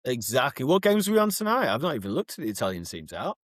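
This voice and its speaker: A man co-hosting a podcast, telling animated, overexcited stories in casual chat. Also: mid-range voice, fast talker, no echo, studio quality. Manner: animated storyteller, gets overexcited. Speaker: podcast co-host.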